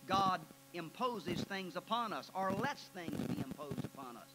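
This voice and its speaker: A male preacher delivering a sermon, telling folksy stories that build into loud, emphatic preaching. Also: a little high. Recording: noisy 1993 archive tape with hum.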